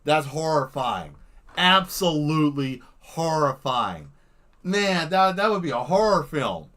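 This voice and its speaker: A man talks casually while he draws on a live stream, rambling from one wild idea to the next. His voice sits a little high, and he tells his stories with animated energy. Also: takes it slowly. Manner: rambling, animated storytelling that jumps into silly voices. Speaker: livestream artist.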